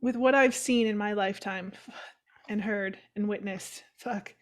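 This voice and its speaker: A woman's voice: mid-range voice, fairly even intonation, unhurried. A young adult woman co-hosting a casual chat show, swearing freely, laughing often and telling stories with animation. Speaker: podcast co-host.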